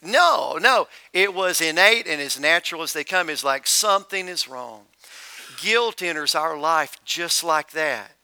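A man's voice: on the high side, lively intonation, measured pace, few pauses, sharp tone, smooth. A middle-aged male pastor preaching a sermon in a conversational, joking storytelling manner.

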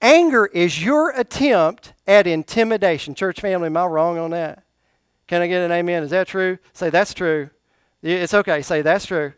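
A man's voice: high voice, normal speed, clear, resonant tone, no room sound, clean studio sound. A pastor preaching to his congregation during a church service, often asking them to answer back. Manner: call-and-response preaching, questions to the congregation. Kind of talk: sermon.

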